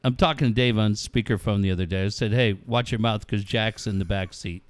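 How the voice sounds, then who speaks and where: Talking a little fast in a low-leaning voice, with no room sound, a middle-aged sports radio co-host tells animated stories in casual conversation. He acts out quotes and swears frequently.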